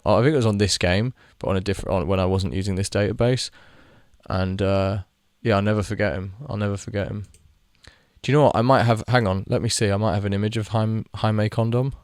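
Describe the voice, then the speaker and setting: A man's voice: lowish voice, smooth, no echo, studio quality. A young man giving rambling, casual commentary while playing a game, swearing freely and chatting to the players on screen. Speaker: gaming video creator.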